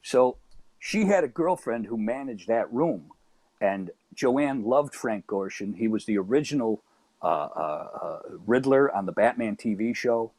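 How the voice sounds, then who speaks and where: A middle-aged man with a Chicago accent, a stand-up comedian telling a lively anecdote as a guest. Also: mid-range voice, a little slow, dry recording. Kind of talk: storytelling in casual chat.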